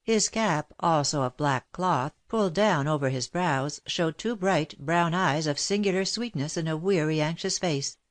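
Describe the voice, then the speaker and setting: A woman narrating a classic novel as an audiobook in a steady, measured reading. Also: low-pitched. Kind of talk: scripted narration.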